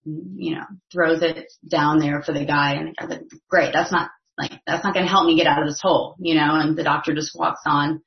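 A woman's voice: low-pitched, gravelly. A woman giving a personal testimony at a recovery meeting, talking casually with many fillers. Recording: echoey, slightly dull recording.

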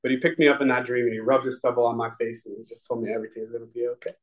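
A man's voice: medium pitch, flat delivery, very fast, poor audio. A man telling his recovery story to a live audience in a room, rambling and heartfelt, with many restarts. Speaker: speaker sharing a recovery story. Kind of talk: personal testimony to a live audience.

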